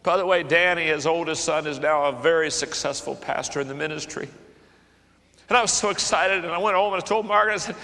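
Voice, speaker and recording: An older man preaching to a conference, moving between hushed storytelling and fervent, raised passages. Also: fairly high pitch, fast. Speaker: pastor. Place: conference hall. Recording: large hall with long reverb.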